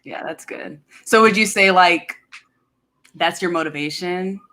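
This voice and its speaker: A woman's voice: lowish voice, measured pace, pushed and bright. A woman hosting a casual interview, asking questions in a friendly, encouraging way. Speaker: interview host.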